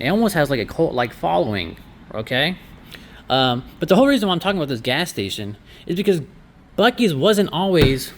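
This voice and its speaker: Man, laundromat owner, casual vlog, sarcastic, slightly high voice, faint hum behind. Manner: chatty, sarcastic asides. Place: inside a laundromat.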